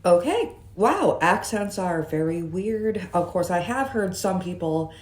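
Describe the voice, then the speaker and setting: Woman vlogger, low-ish voice, unhurried, chatty and musing with jokey asides, recorded in a roomy, echoey space. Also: sing-song. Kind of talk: casual vlog monologue. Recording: roomy echo.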